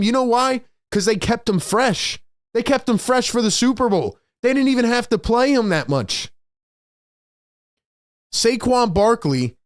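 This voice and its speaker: A man hosting a postgame sports show, talking in an excited, emphatic way and repeating his key points, worked up with excitement. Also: high voice, no room sound, studio quality. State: overexcited.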